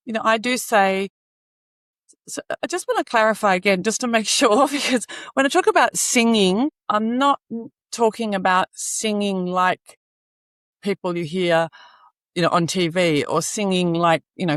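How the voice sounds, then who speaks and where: A woman, a guest on a podcast, explaining earnestly with frequent "you know" fillers and soft laughs. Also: lowish voice, dry recording. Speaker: singing advocate guest. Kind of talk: podcast interview.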